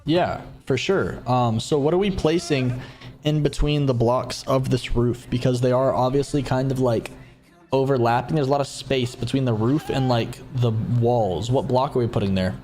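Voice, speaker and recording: A man's voice: mid-range voice, moderate pace, a little mellow, faint music behind. A young man streaming a game, talking casually and bluntly with lots of slang, often exasperated. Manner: blunt, slangy, exasperated, says bro a lot. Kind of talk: casual livestream gaming chat.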